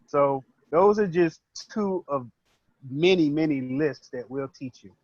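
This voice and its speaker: A man's voice: a little high, measured pace, darkish tone, no echo, highs cut off. A man co-presenting a real estate class, explaining plainly with hesitant fillers.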